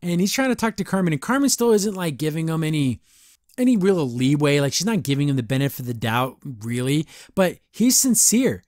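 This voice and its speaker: A young man hosting a podcast, rambling excitedly through a casual episode review. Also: a little high, brisk, dry recording, clean studio sound. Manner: excitable, rambling fan talk. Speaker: podcast host.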